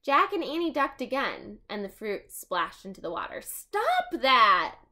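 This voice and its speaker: Woman storyteller, animated reader of a kids' chapter book, bright voice. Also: medium pitch, moderate pace. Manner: expressive, chatty asides. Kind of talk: reading a storybook aloud.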